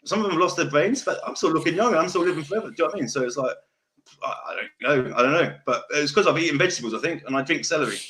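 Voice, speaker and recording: A man's voice: fairly high pitch, racing, a bit bright, a little hiss or hum. A young man with a South London accent hosting a podcast, chatting casually in a rambling, sweary way and repeating himself. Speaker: podcast host. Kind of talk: casual chat.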